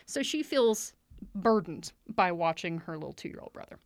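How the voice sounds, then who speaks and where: A woman's voice: fairly low pitch, lively intonation, no room sound, clean studio sound. A woman co-hosting a casual book discussion, playful and enthusiastic as she sums up a story. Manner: playful, enthusiastic, quick to laugh. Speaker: podcast co-host.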